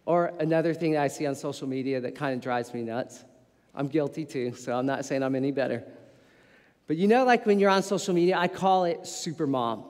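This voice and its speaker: A man in his thirties preaching a sermon as pastor, telling stories in a lively way and poking fun at himself. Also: a little high, a little fast. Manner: animated storytelling with playful self-mockery. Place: church sanctuary. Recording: long reverb of a church hall.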